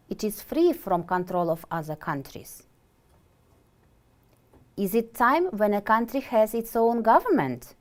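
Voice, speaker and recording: A woman teaching a televised English vocabulary lesson, slow and carefully enunciated, asking questions and answering them herself. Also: medium pitch. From Kyrgyzstan. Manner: slow, deliberate, clearly enunciated.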